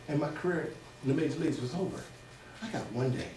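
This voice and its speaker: A middle-aged man from Oakland giving a motivational talk to students, an animated storyteller who acts out his own dialogue and laughs often. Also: on the high side, fast talker. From Oakland, California. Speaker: motivational speaker. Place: school hall or classroom. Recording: echoey room, speaker far from camera, noisy.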